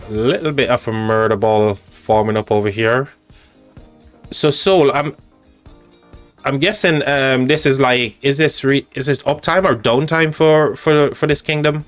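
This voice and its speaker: A man's voice: mid-range voice, faint music behind. Chatty English-accented man streaming. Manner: chatty, halting, with frequent restarts. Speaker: live stream host. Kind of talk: casual live-stream commentary.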